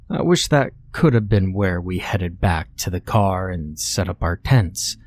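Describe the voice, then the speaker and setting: A man narrating a scripted horror-comedy story in a deadpan, matter-of-fact way. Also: fairly low pitch.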